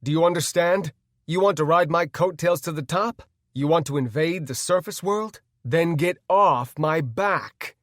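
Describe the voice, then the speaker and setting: A man's voice: on the high side, measured pace, dry recording, studio quality, voice pushed up, close to an everyday voice. A man voicing a sneering evil throne spirit. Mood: menacing. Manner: sneering, contemptuous. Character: ancient malevolent male throne spirit, domineering.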